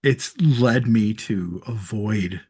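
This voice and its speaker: Casual podcast guest: a man with a husky voice, chatty storyteller. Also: fairly low pitch, slow, a little mellow. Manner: storytelling with laughs and many restarts. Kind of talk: casual chat.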